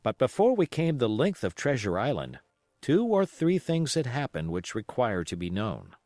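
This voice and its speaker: A man reading a classic adventure novel aloud as an expressive audiobook narration. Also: medium pitch, normal speed, no room sound.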